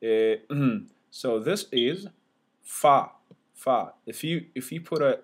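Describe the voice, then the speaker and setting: A man talks through a relaxed whiteboard lesson at an unhurried pace. He repeats each letter sound several times, with fillers and restarts, and his voice sits at an ordinary middle pitch. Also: breathy edge. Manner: slow, repetitive, sounds letters out loud. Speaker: teacher.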